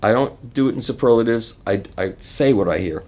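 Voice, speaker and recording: A man's voice: mid-range voice, a little fast. Older man telling anecdotes. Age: 70s. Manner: animated, acts out quoted voices, chuckles. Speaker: interview guest. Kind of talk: casual anecdotal storytelling.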